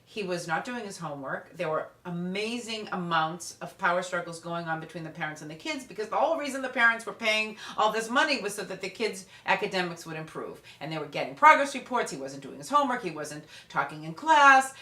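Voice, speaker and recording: A woman parenting expert telling lively anecdotes about parents and teenagers in a storytelling talk. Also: lowish voice, a little fast, hardly any pauses. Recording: echoey room.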